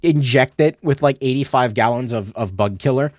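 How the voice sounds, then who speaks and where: A man's voice: medium pitch, moderate pace, no room sound, clean studio sound. A man streaming a game, rambling and swearing in casual commentary, tripping over his words.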